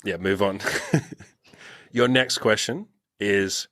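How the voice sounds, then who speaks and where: A young man hosting a casual podcast conversation as a dating coach, talking bluntly with lots of swearing and animated acted-out quotes. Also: on the low side, very slow, no echo, studio quality. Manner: blunt, profane, animated storytelling.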